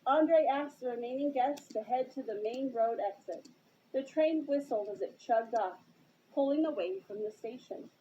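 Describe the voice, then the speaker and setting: A woman's voice: a little high, moderate pace, slight background noise. A woman reading a children's novelization aloud with expression, with occasional slips and restarts. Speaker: reader. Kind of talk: storybook read-aloud narration. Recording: dull lo-fi with loud music.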